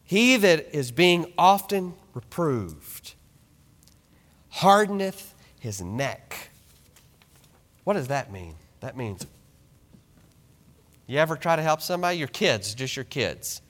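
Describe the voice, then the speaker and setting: A man in his thirties preaching a sermon in a church, animated and joking with the congregation. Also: a little high, slow pace, pauses often. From small ranching town. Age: 30s. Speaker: pastor. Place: church sanctuary. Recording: long reverb of a church hall.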